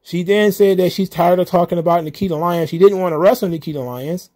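A man's voice: high voice, fast talker, darkish tone. A man hosting a solo recap show, ranting in an exasperated, profane, casual way. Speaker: wrestling commentary host.

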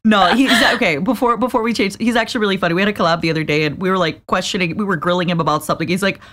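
A young woman co-hosting a podcast, teasing her partner and laughing easily. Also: fairly low pitch. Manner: animated, teasing, quick to laugh. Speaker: podcast co-host. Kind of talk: casual chat.

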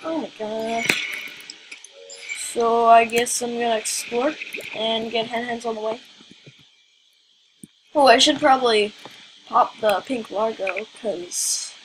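A woman's voice: on the high side, background noise. A woman giving casual let's-play commentary, rambling and questioning herself aloud as she plays. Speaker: gaming video creator.

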